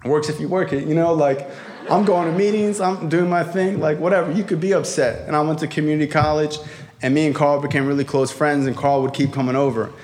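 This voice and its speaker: A stand-up comedian telling a rambling personal story in a casual, profane way. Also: male voice, on the high side, steady tone, fairly quick, darkish tone.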